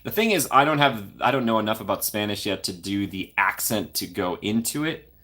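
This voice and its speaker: A young man with a fairly low voice chats casually on his own livestream. He reads viewer comments aloud and reacts playfully, laughing often between remarks. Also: lively intonation, brisk, pushed and bright. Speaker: livestream host. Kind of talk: casual live chat reading comments.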